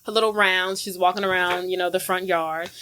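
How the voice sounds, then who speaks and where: Woman podcast host retelling a movie, casual and slangy, does squeaky voices for the kids. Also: fairly quick, low-quality recording. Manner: animated retelling with voiced quotes, lively swings in pitch; casual slang-filled storytelling.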